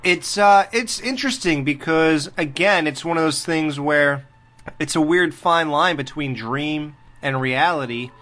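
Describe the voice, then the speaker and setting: A man's voice: fairly high pitch, a little slow, a bit bright. A man hosting a casual movie review podcast, joking and recapping film scenes step by step. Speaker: podcast host.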